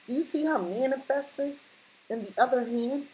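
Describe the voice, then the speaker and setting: A woman's voice: high voice, moderate pace, darkish tone, rough recording. A woman reading tarot cards straight to the viewer in a casual, blunt way, repeating her points for emphasis. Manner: emphatic, repeats lines for stress, blunt slang. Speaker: tarot reader.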